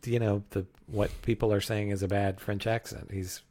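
A man's voice: lowish voice, level tone, normal speed, dark tone. A man co-hosting a podcast, reviewing a film in casual chat, rambling and hesitant. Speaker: podcast co-host.

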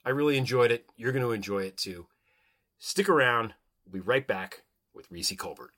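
A man's voice: mid-range voice, normal speed. A man hosting his podcast, speaking earnestly and emphatically, sometimes rambling as he interviews a guest. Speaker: podcast host.

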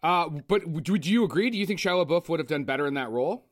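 A man ranting in a casual, profane film review chat, animated and blunt. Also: a little high, quick pace. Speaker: podcast co-host.

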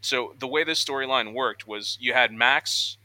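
An energetic young man co-hosts a casual news podcast. His voice is strikingly bright and forceful. He sits in a dead, dry-sounding room, and he often slips into mock voices when he quotes people. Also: mid-range voice, normal speed, no echo. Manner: excitable, acts out quotes in voices. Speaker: podcast co-host.

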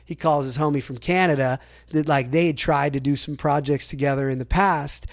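Rambling man telling stories, slightly high voice. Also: brisk. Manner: rambling, animated, packed with "like" fillers; acts out other people's lines in quotes. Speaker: podcast guest. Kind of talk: casual storytelling in an interview.

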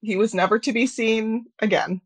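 A woman's voice: a little high, steady tone, moderate pace, husky. A woman calling in to a chat show, recounting a workplace story plainly. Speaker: caller. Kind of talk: casual phone-in chat.

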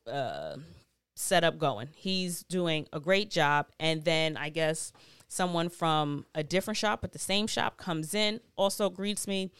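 Woman podcasting, lowish smooth voice, slangy and swears a lot, dry close sound. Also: no echo. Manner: chatty, profane, animated retelling with slang. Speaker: podcast host. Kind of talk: casual storytelling monologue.

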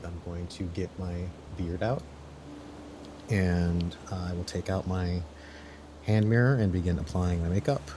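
Low-voiced man planning moves aloud. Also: fairly even intonation, background noise. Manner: deliberate, plans his character's moves out loud. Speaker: player. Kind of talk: tabletop game play.

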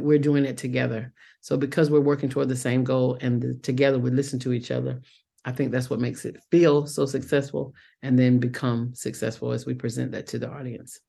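A woman's voice: a bass voice, vocal fry. A woman with a Southern accent, a Broadway actress chatting casually as an interview guest over a video call, calling people honey. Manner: warm, chatty, calls people honey and boo.

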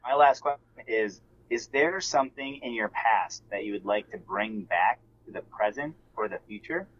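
A man chatting casually as a podcast co-host, with a low voice and a rambling, filler-heavy way of talking. The recording is dull and lo-fi. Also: normal speed, a bit bright. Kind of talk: casual chat.

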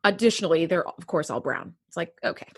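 A woman's voice: lowish voice, expressive, fast talker, breathy edge. A woman co-hosting a casual podcast chat, telling stories expressively and acting out quotes with exasperated humor. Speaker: podcast co-host.

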